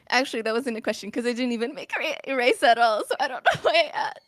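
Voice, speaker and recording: A woman's voice: fairly high pitch, quick pace, a bit bright, no echo, clean studio sound. A woman co-streamer chatting casually, emotional and rambling with many fillers. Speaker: co-streamer and voice acting partner. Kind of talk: casual chat.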